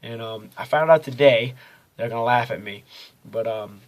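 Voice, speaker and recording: A man's voice: medium pitch, moderate pace. A young man telling a casual daily video diary, rambling and easygoing, with lots of ums and uhs. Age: young adult. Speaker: college student vlogger.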